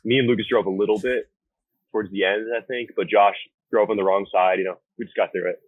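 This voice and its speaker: A man's voice: lowish voice, fairly even intonation, quick pace, no echo. A young American man and band vocalist, telling tour stories in a blunt, profane, laid-back way. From United States. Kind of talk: casual interview chat. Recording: phone-like remote call audio.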